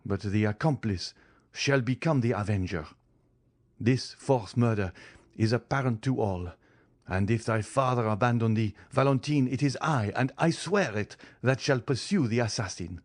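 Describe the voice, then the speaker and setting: A man's voice: mid-range voice, normal speed, voice pushed up, natural voice. A man voicing an anguished young man who pleads and swears vengeance in an impassioned voice. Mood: grief-stricken vow.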